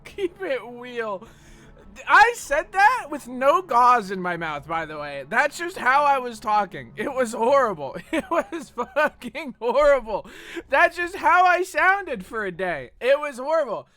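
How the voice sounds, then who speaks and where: A man's voice: very high-pitched, very animated, unhurried, pushed and bright. A man streaming a game, chatting casually in a rambling, profane way. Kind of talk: casual chat while gaming.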